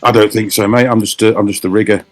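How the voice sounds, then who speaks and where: A man playing his character in a tabletop game over a video call, casual and laconic, sometimes halting. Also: lowish voice, steady tone, soft background music. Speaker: player.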